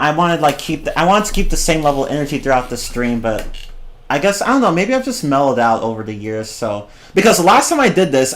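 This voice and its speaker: A man's voice: mid-range voice, a little hiss or hum. A young man on a casual livestream, rambling about games, swearing freely and breaking into giggling fits. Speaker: streamer.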